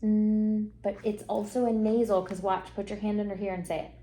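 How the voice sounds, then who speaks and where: A woman reading teacher giving a one-on-one phonics lesson, encouraging and modelling sounds slowly for a young reader. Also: mid-range voice, flat delivery, dark tone.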